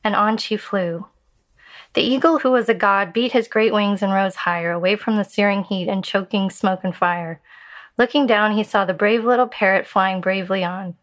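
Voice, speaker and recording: A woman narrates a Buddhist fable in a calm storytelling voice. Her delivery is measured, easing the pace to dwell on vivid moments. Her pitch sits in a middle register.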